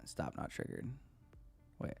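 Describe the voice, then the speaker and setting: Soft music plays under this live-stream, where a man trading stocks chats with his audience in a relaxed, jokey way that occasionally turns profane. His delivery is slow and a little mellow.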